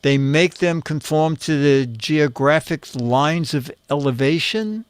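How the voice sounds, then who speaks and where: A man hosting a casual comedy show, reading out photo captions and trading jokes in an unhurried way. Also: on the high side, clean tone, no echo. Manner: unhurried, reads captions aloud with dry jokes.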